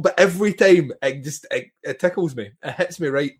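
A man co-hosting a podcast in casual chat, animated, laughing often and swearing casually. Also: fairly high pitch, brisk, hardly any pauses, slightly rough. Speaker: podcast co-host.

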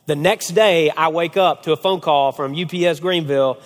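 A young man in his twenties preaching a sermon, telling a personal story with animated, acted-out quotes. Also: moderate pace. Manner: animated storyteller, acts out quotes with big pitch swings. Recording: long hall reverb.

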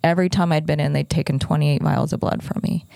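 A woman's voice: low-pitched, fairly even intonation, creaky, warm tone, no echo. A middle-aged woman telling a personal story in casual podcast talk, retelling the conversations at length. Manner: fast, breathless retelling with lots of quoted dialogue.

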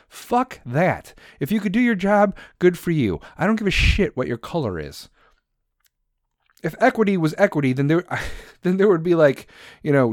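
A man's voice: mid-range voice, no room sound, studio quality. A man delivering a heated, sarcastic monologue full of swearing. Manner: mocks others in put-on voices. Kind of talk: profane ranting monologue.

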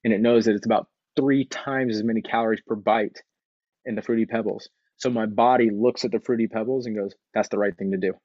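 A man with a lowish voice gives an earnest motivational talk, leaning on repetition to drive his points home. The sound is dry and a little dull, with no room around it. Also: steady tone, a little fast, darkish tone, no echo. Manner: earnest, conversational, repeats phrases for emphasis. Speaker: speaker sharing recovery story.

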